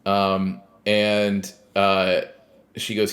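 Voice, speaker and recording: At a normal speed and fairly low pitch, this podcast co-host recaps a game in a relaxed way, bringing moments to life by acting them out in snarky mock voices.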